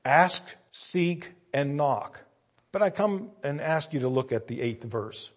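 A man with a husky, slightly high voice preaches a sermon. He acts out a story in changing voices and climbs to loud, forceful emphasis. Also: expressive, slow pace. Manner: acts out scenes in different voices, rising to loud emphatic peaks.

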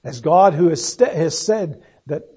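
A man's voice: on the high side, animated, measured pace, mellow, slightly rough. A man preaching a sermon, earnest and searching, posing one rhetorical question after another and letting his voice sink on solemn phrases.

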